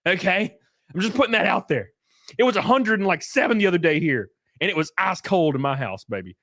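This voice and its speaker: A man's voice: high voice, brisk, dry recording. Young man, loose profane livestream banter, dry close sound. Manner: animated, rambling, profane, jokey. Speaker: streamer. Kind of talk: casual livestream chat.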